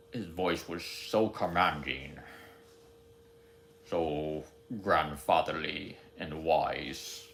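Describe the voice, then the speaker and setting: A man's voice: low voice, vocal fry, slight background noise. A man rambling candidly to himself in a casual, self-deprecating monologue.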